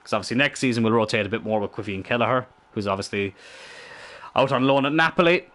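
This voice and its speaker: Young man, gamer commentary, bright voice, excitable, swears a lot, thinks out loud. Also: medium pitch, fast. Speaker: gamer commentating his own play. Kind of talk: casual let's-play commentary.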